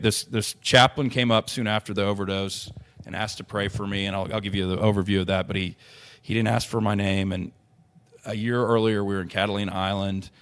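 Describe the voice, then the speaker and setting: A man, a guest on a podcast, recounts a personal story in an earnest, rambling way. He restarts his sentences often and leans on "you know". His voice sits a little low.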